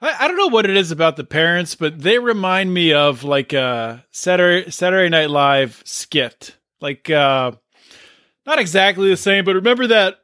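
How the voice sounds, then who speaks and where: A man's voice: high-pitched, expressive, moderate pace, bright, forceful tone, no echo, clean studio sound. A man co-hosting a casual podcast who talks in a rambling, hesitant way. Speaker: podcast co-host. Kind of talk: casual chat.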